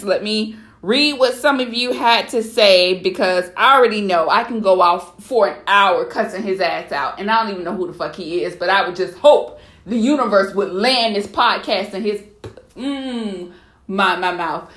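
A young adult woman hosting a solo podcast, telling a story in an animated, outraged, profane way. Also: mid-range voice, normal speed, reverberant. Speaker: podcast host.

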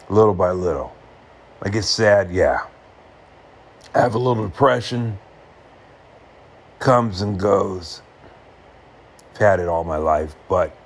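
Deep slow-talking man musing earnestly. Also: slight background noise. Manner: slow, earnest, in short halting phrases. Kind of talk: reflective monologue to camera.

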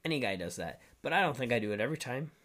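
A man's voice: mid-range voice, big pitch swings, rapid-fire, a bit bright. Crude, teasing young man. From Wisconsin. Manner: crude, teasing, swears a lot. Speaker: podcast host. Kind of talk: casual chat.

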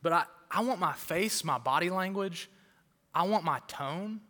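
A man's voice: sits high, expressive, a little slow, bright, forceful tone. A male pastor preaching a fired-up sermon to a crowd in a church auditorium, often repeating words for emphasis. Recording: long hall reverb.

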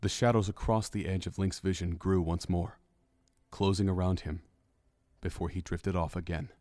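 A man narrating a fantasy audiobook in measured, descriptive storytelling. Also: deep voice, steady tone, warm tone, no echo. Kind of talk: scripted narration. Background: faint music.

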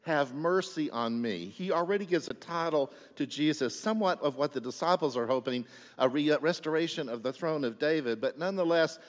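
A male pastor delivers an animated sermon, jumping from forceful cries to near-hushed asides. His voice carries a long hall reverb, and the recording sounds somewhat dull and muffled. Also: on the high side, a little fast. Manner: emphatic preaching with sudden loud and soft swings.

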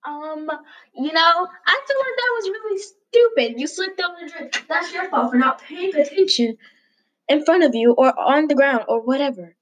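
Woman, casual chat, blunt, hesitant, lots of fillers, high lively voice. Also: normal speed, low-quality recording. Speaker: co-host giving opinions.

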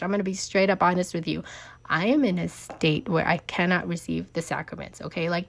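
A woman's voice: fairly low pitch, gravelly. A woman business owner hosting her own show, talking emphatically and tearfully about her faith. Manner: emotional, emphatic, confessional. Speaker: podcast host, business owner. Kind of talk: personal faith talk.

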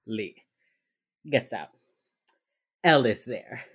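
A young woman with an extremely low, husky voice speaks slowly while co-hosting a podcast. Chatting casually, she retells a TV episode with animation and acts out the characters' lines.

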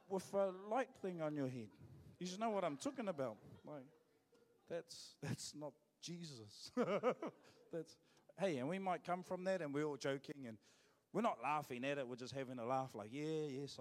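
A man's voice: a little high, a little mellow, in a large hall. A man with a New Zealand accent, preaching a sermon as pastor in a joking, conversational way. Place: church.

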